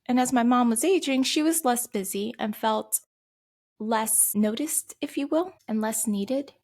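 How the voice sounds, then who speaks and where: Husky gravelly woman sharing heartfelt advice. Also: on the high side. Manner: heartfelt, speaks of grief and gently advises. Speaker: podcast host. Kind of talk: personal self-care talk.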